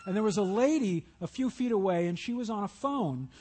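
A man's voice: high voice, lively intonation, a little fast, mellow, slightly rough. A man preaching a sermon, telling stories and acting out Bible scenes in voices. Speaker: pastor.

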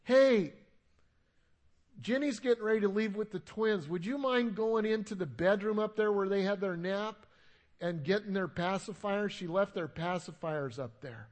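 Guy doing his wife yelling up the stairs, high and polite, asking a favor. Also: normal speed, close to an everyday voice. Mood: calling politely. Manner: polite, raised, calling.

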